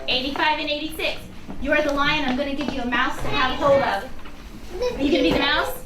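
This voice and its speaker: High-voiced teacher woman in an echoey classroom. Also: a little fast. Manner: animated, coaxing questions to children. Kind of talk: classroom drama lesson with children. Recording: echoey room from far off with background noise.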